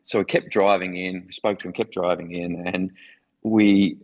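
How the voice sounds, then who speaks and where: Rough audio carries a low, slightly mellow male voice with fairly even intonation and a moderate pace. The speaker, a middle-aged former foreign correspondent with an Australian accent, recounts vivid anecdotes enthusiastically during an interview.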